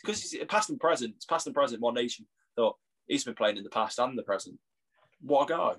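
A man's voice: mid-range voice, expressive, fairly quick, fairly bright tone. A young English man co-hosting a casual sports podcast, joking and laughing often. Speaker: podcast co-host. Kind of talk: casual chat.

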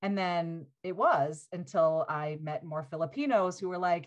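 A woman in her forties, a podcast guest, telling stories in casual talk, animated and laughing often, with many "like" fillers. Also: on the low side, measured pace, highs cut off. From United States.

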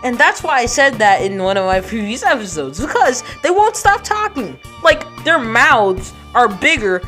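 A woman voicing a boastful, pompous boy podcaster who taunts his rivals in a brash, lively way. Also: fairly high pitch, normal speed, faint music behind.

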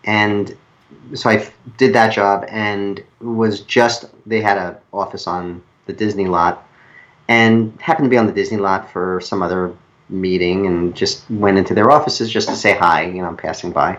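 A middle-aged man with a New York accent talks in a low voice, looping through his stories with halting restarts and self-corrections. The audio sounds dull and lo-fi. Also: steady tone, a bit bright. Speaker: guest screenwriter. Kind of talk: casual interview storytelling.

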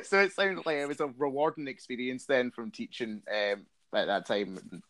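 A man's voice: mid-range voice, moderate pace, a bit bright. A man interviewing a guest in a casual chat, encouraging her with frequent short affirmations.

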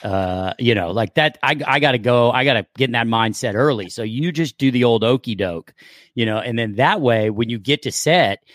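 A man's voice: medium pitch, normal speed, no echo. Joking male actor, dry sound. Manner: animated, joking storyteller. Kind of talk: casual interview chat.

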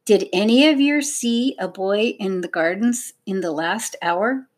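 A woman's voice: medium pitch, a little slow, close to an everyday voice. A woman voicing a brusque, wheezing male police constable in an audiobook. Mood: stern. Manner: brusque, working-class speech. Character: wheezing London police constable, gruff man.

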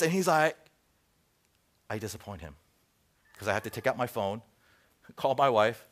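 A middle-aged man preaching a sermon as pastor, telling stories and acting out bits of dialogue, then dropping to quiet asides. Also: mid-range voice, moderate pace, pauses often. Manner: animated storytelling, acts out dialogue, drops to soft asides.

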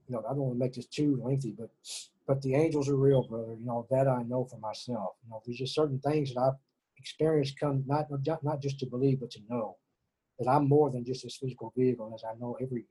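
A man's voice: medium pitch, fairly even intonation, fast talker, mellow, slightly rough, rough recording. A middle-aged man from Texas, an interview guest speaking earnestly and emotionally about spirituality, often repeating words and restarting. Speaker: interview guest, former prisoner.

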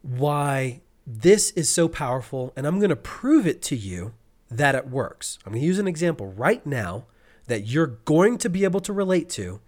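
A man co-hosting a podcast, telling an animated story and acting out frustrated cursing. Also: on the high side, normal speed. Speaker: podcast co-host. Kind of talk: casual podcast chat.

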